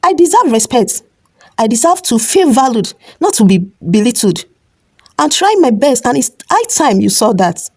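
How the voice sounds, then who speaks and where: A young wife in a folktale speaks calmly with a new firmness in her voice, as a woman reading the story puts her on. Her lines sit a little higher than the narration. The sound is dry and close. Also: breathy edge, dry recording, exaggerated voice. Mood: firm. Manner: calm, firm, measured pleading. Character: young wife standing her ground firmly.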